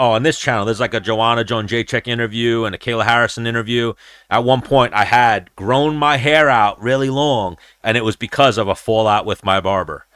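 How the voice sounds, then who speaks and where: A man hosting a casual livestream chat who tells stories in a profane, animated way and acts out his own quoted lines. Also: mid-range voice, smooth, dry recording, studio quality. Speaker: show host.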